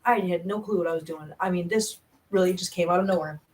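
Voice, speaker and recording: A woman's voice: fairly low pitch, fast talker, darkish tone. Chatty woman live-streaming to viewers. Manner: chatty, rambling, frequent restarts and self-laughs; reads viewer chat aloud. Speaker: YouTube cat channel host. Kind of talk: casual live stream chat.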